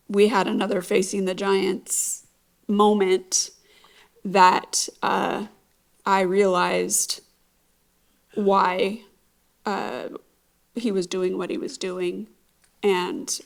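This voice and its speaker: A middle-aged woman recounts a painful stretch of her marriage in a reflective, halting way. She speaks slowly, with pauses and fillers between thoughts. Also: medium pitch, creaky. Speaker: interview guest. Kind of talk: emotional personal testimony.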